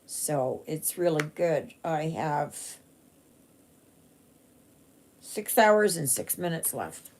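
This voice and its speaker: A woman with a low, gravelly voice talks slowly through a relaxed live stitching chat. She rambles, trails off and restarts often, with plenty of ums along the way. Her tone stays unhurried and conversational. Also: slight background noise. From Canada. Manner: rambling, chatty, many fillers and restarts. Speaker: cross-stitch vlogger.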